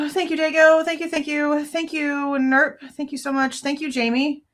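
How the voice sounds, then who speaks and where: A woman in her thirties with a slightly high voice hosts a true crime livestream. She vents angrily and swears often, talking in a casual, heated way to her viewers. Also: little pitch movement, moderate pace, fairly bright tone. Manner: angry, venting, frequent swearing.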